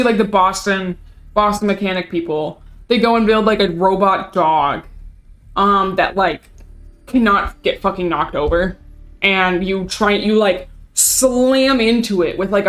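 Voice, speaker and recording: A streamer talking over a live game session in a loose, chatty way, sprinkling in swear words. The voice sits in a middle pitch. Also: fairly bright tone. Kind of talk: casual live-stream commentary.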